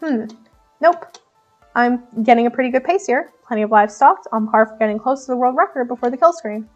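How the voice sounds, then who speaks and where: A woman voicing a terse, wealthy man who is focused on his arcade high score and speaks calmly and curtly. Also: a little fast, dull audio, soft background music, natural voice. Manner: curt, calm, a little smug.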